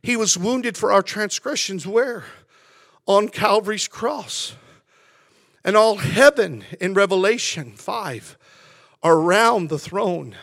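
A man preaching a sermon as pastor, building from quiet reflection to passionate shouting with lots of repetition. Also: high voice, expressive, slow, vocal fry, no room sound. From California.

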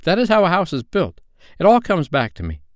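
A man's voice: sits high, huge pitch swings, fairly quick, dry recording, studio quality, voice pushed up. A man voicing an earnest, self-important boy who speaks in a pompous, mock-wise manner. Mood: agreeable.

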